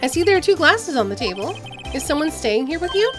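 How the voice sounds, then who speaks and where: A woman's voice: high-pitched, sing-song, fast talker, over music, pitched above the performer's own voice. A woman voicing a flustered young lawyer. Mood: flustered earnest. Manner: earnest, flustered, hesitant. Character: young male defense lawyer, flustered and earnest.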